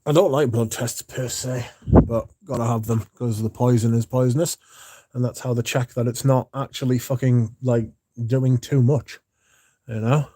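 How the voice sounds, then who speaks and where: Sleepy guy rambling on a livestream, swears a lot, mellow voice, dry sound. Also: medium pitch, fairly even intonation, normal speed, no room sound. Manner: rambling and sweary, chatting to viewers. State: sleepy, yawning. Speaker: livestream host. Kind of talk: casual livestream chat.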